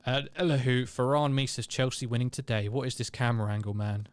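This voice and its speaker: A man's voice: mid-range voice, brisk, smooth, no room sound. Chatty man streaming a match. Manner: chatty, self-deprecating, reads out viewer comments. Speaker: host of a live match watchalong. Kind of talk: casual live-stream chat and match commentary.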